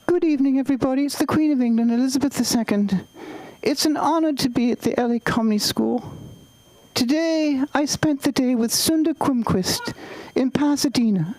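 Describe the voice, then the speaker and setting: A man's voice: very high voice, normal speed, a little mellow, dry recording, pitched above the performer's own voice, poor audio. A man doing a stand-up impression of an elderly British queen, stately and mock-genteel, lingering on words. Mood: regal. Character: aging British queen, prim and regal.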